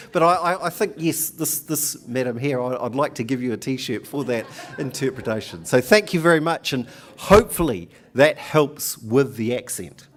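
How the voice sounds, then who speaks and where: A man with a New Zealand accent gives a speech at a conference, joking with the crowd and having them repeat phrases after him. His voice sits at an ordinary middle pitch. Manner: jokey, leads the audience in call-and-response. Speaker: union speaker. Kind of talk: conference speech with audience participation. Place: conference hall.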